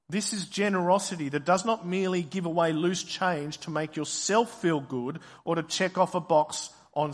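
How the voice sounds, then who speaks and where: Slow, deliberate man preaching in a hall. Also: a little high. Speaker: pastor. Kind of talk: sermon.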